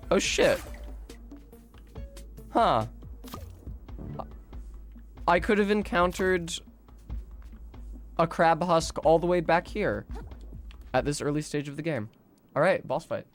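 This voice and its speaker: An excitable man narrates his own gameplay, swearing freely and muttering to himself between reactions. His voice sits fairly high for a man. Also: slow, pauses often, soft background music. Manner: excitable, profane, talks to himself. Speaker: streamer. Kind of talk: casual gameplay commentary.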